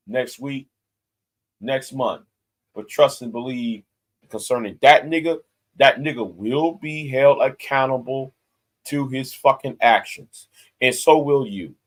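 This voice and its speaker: Man, forties, angry online rant, profane, repetitive, menacing, mid-range voice. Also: mid-range voice. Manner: confrontational, threatening, profane, repeats himself. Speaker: YouTube commentator. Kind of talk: angry direct-to-camera rant.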